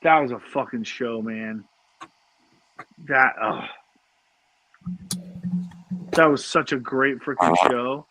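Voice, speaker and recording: A man's voice: mid-range voice, slow, long pauses, fairly bright tone, faint music behind, rough recording. A middle-aged man, co-hosting a casual chat and telling a family story with lots of swearing and stammered restarts. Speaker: podcast co-host.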